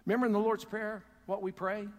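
A man's voice: sits high, flat delivery, quick pace. A man preaching a sermon as pastor, earnest and calling on the congregation to answer back. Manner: earnest, calls out to the congregation for responses. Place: church. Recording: long hall reverb.

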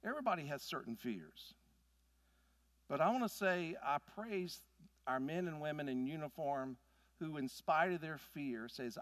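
A man in his sixties preaches with a lively, swooping voice that climbs high. He tells folksy stories and swings from booming to hushed, and the sound is dry and close. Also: a little slow, dry recording. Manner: animated, folksy storytelling with big swings in loudness. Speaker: pastor. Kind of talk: sermon.

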